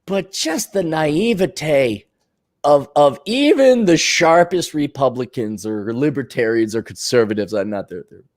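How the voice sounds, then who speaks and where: A man's voice: fairly high pitch, animated, measured pace. A man hosting a podcast, delivering a blunt, sardonic, profane monologue rant. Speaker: podcast host.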